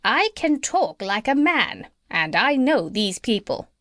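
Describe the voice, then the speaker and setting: A woman's voice: fairly high pitch, very animated, takes it slowly, fairly bright tone, no echo, clean studio sound, exaggerated voice. A woman voicing a clever, self-assured female parrot in a storybook reading. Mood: confident. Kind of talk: storybook narration.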